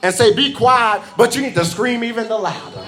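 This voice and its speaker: Impassioned high-voiced male preacher. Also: quick pace. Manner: impassioned, call-and-response preaching, swings loud and soft. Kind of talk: sermon.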